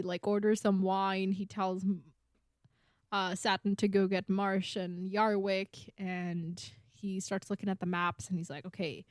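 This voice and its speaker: Her voice is mid-range, clear and resonant, captured dry with clean studio sound. As a podcast co-host, she casually goes over book chapters, chattily paraphrasing scenes and leaning heavily on the filler "like."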